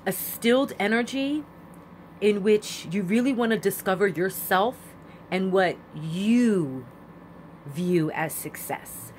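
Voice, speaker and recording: A woman's voice: mid-range voice, a little hiss or hum. A woman giving a chatty, repetitive spiritual astrology talk with emphatic phrasing. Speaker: astrology vlogger. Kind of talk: casual spiritual monologue.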